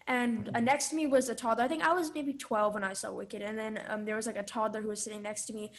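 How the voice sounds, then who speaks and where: A woman's voice: fairly high pitch, steady tone, fast. A woman hosting a casual interview podcast, curious and checking details with her guest. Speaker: podcast host.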